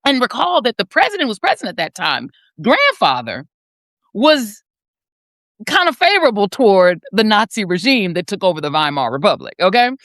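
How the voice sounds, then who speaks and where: A woman's voice: huge pitch swings, moderate pace, fairly bright tone, no room sound, clean studio sound. A woman in her fifties giving emphatic, sardonic political commentary as a panel guest. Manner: emphatic, sardonic, swings between high and low.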